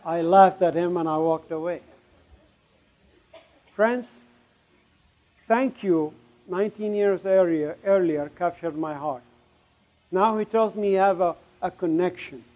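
A middle-aged man with a notably high voice tells his life story from a stage. He is emphatic, voices both sides of old conversations and sinks to a hush at tense moments. The recording sounds dull and lo-fi. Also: unhurried, long pauses. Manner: emphatic, with sudden drops to a hush. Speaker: speaker giving a testimony. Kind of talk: dramatic storytelling testimony.

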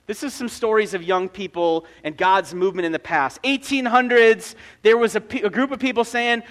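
A man preaching a sermon with a very high voice. He tells stories with energy and drops in casual, joking asides to his listeners. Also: brisk, few pauses, a bit bright.

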